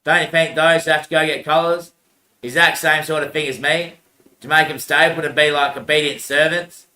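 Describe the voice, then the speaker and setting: Bright-voiced man muttering in a roomy space. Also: fairly high pitch, fairly even intonation, normal speed. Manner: laughs often and trails off into muttered curses; calls the listener son and mate. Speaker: show host. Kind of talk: rambling solo monologue. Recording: roomy echo.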